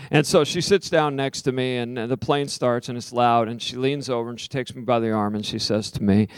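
A male pastor with a middling-pitched, smooth, steady voice preaches a sermon, telling a story with acted-out quotes before easing into a soft, prayerful invitation. The recording is dry and close.

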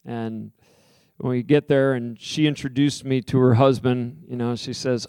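A man, a minister, preaching a sermon, telling a personal story with lively acted-out quotes and then softly leading a slow, prayerful invitation. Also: mid-range voice, gravelly, no echo, clean studio sound. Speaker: pastor.

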